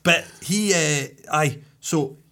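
A man casually telling a story on a podcast, animated, cursing freely and checking in with his listener. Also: a little high, slow pace.

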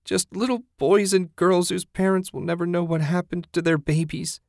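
A man's voice: high-pitched, steady tone, normal speed, creaky, a little mellow, no room sound, clean studio sound, voice pushed up. A man voicing a terrified young woman who screams and sobs. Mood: sobbing. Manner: shrieking, wailing.

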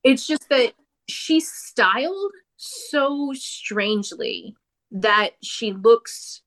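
A woman talking casually about a movie she watched, animated and opinionated, with quick asides. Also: on the high side. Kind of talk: casual movie review chat.

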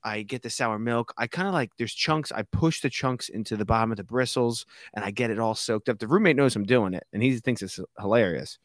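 Male podcast guest, lively storyteller who acts out other people's voices, dry close sound. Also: medium pitch, brisk, few pauses, dry recording. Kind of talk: casual storytelling chat.

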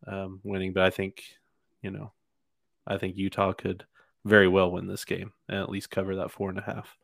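A man with a low, fairly flat voice hosts a laid-back sports podcast. He talks in a loose, halting way, full of fillers and restarts. The sound is dry and close. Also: no echo. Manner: hesitant, lots of fillers and restarts. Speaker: podcast host. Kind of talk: casual sports podcast chat.

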